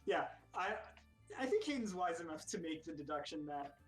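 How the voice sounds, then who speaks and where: A player in a tabletop game, talking in a casual, low-key way. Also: lively intonation, moderate pace, music in the background. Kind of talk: tabletop role-play chat. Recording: echoey room.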